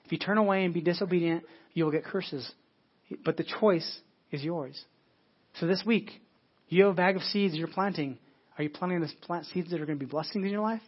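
Husky-voiced man preaching a sermon. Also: on the high side, a little fast. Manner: preachy, repeats words and restarts often. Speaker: pastor. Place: church. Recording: dull lo-fi sermon audio.

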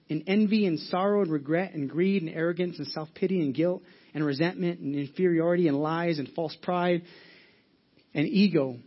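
Husky-voiced man preaching a sermon. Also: fairly high pitch, muffled recording. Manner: earnest, animated preaching with rhetorical questions. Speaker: pastor.

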